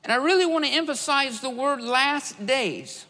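A man's voice: extremely high pitch, animated, normal speed, pushed and bright. A man preaching a sermon, emphatic, repeating key phrases for stress. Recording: long hall reverb.

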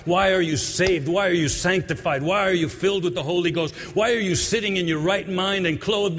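A man preaching a sermon in a church. He moves from quiet, low passages to sung-out, shouted climaxes. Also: brisk, few pauses, in a large hall, faint music behind.

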